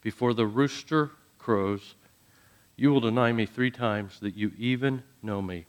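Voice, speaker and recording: A man preaching a sermon, dramatic, dropping to soft low phrases and then rising to loud emphatic ones. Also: unhurried, smooth. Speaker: pastor.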